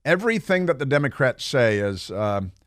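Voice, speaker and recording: A man's voice: mid-range voice, sing-song, normal speed, no room sound, clean studio sound. Sarcastic man hosting talk radio. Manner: sarcastic, mocking, rambling with many fillers. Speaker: radio talk show host. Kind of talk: opinionated talk radio monologue. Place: radio studio. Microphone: studio microphone.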